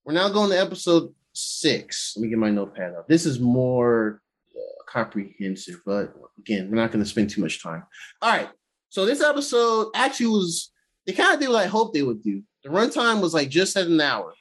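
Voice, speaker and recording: Recapping an episode for a laid-back chat show, this co-host gets excited and swears freely. His pitch jumps around as he slips into brief impressions of characters, then back to his own voice.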